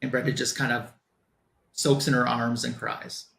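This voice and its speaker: A man's voice: medium pitch, flat delivery, normal speed, vocal fry, a bit bright, a little hiss or hum. A man on a comic book show, casually recapping a plot in loose quoted dialogue with lots of fillers.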